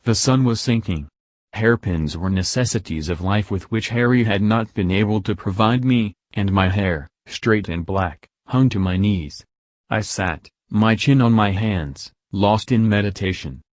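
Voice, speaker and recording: Man, audiobook narrator, low-pitched, dry studio sound, even storytelling. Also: measured pace, no room sound. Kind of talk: scripted first-person narration.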